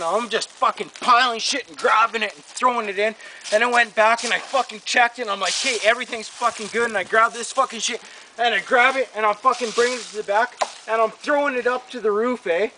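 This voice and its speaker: A man's voice: high voice, a little hiss or hum, poor audio. A man telling a story casually, swearing constantly and getting worked up as he goes. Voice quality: heavy swearing, animated, fast-building rants.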